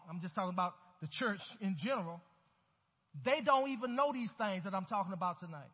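In a church sanctuary, a male pastor preaches with growing emphasis, urging his congregation to respond. His voice is high and somewhat husky. The recording sounds dull, muffled and hollow, with a long sanctuary reverb.

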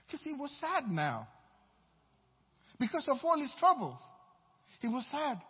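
A male pastor preaching a sermon, emphatic, swinging between loud declarations and low asides, in a dull, reverberant church hall recording. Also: wildly swooping pitch, a little slow. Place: church sanctuary.

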